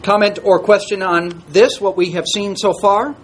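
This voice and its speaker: A man's voice: high voice, flat delivery, normal speed, a little hiss or hum. A man teaching an interactive Bible class, reading scripture aloud and asking the group questions in a conversational way.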